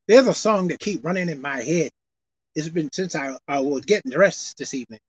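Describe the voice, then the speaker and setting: A woman preaching a sermon in a casual, folksy way, swinging between shouted highs and low murmurs. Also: animated, normal speed, husky, dry recording. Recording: dull lo-fi recording.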